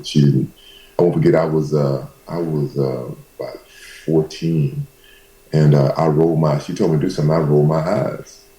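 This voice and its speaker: Deep-voiced man, roomy and distant. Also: warm tone. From Southern US. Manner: laid-back, halting with many fillers. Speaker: guest, former pro football player. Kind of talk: casual storytelling. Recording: echoey room heard from a distance.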